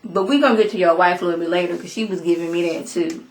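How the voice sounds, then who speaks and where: A woman casually reviewing a TV episode, animated and emphatic, talking back at the characters. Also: lowish voice, quick pace, reverberant. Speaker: TV show reviewer.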